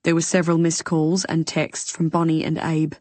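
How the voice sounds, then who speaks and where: A woman narrating a first-person audiobook thriller with expressive storytelling. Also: deep voice, moderate pace, no room sound.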